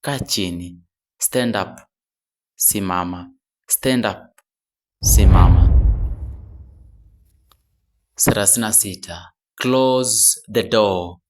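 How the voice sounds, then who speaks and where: A low-voiced man teaching a beginner language lesson at an extremely unhurried pace. He says each short phrase slowly and often twice, then gives its translation. Now and then he stops to correct himself mid-phrase. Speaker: English teacher.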